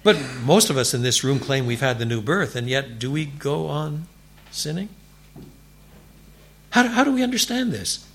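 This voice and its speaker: A man preaching a sermon in a church, animated and building to emphatic declarations. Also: fairly high pitch, normal speed, a little hiss or hum. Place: church before a congregation.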